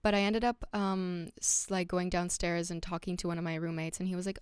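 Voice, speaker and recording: A woman's voice: lowish voice, level tone, a little fast, clear, resonant tone, no room sound, clean studio sound. A young woman hosting her own podcast, talking casually and candidly to the listener, with lots of "like" and "um" and frequent restarts. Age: young adult. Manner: candid and reflective. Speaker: podcast host. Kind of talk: casual solo podcast monologue.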